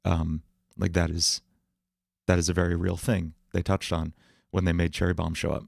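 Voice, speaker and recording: A man's voice: low-pitched, little pitch movement, moderate pace, gravelly, no room sound, clean studio sound. A man hosting a casual livestream, thinking aloud as he tries out words for a song. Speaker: livestream host writing songs.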